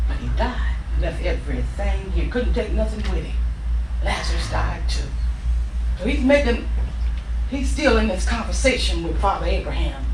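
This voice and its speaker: A woman minister preaching an impassioned sermon, telling the story with rising shouts, in a church sanctuary. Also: medium pitch, lively intonation, normal speed, slight background noise. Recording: echoey church from far off.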